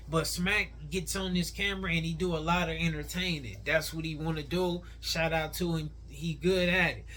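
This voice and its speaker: A man's voice: fairly high pitch, bright, forceful tone, slight background noise. A man giving casual, opinionated reaction commentary, talking in a conversational way full of slang.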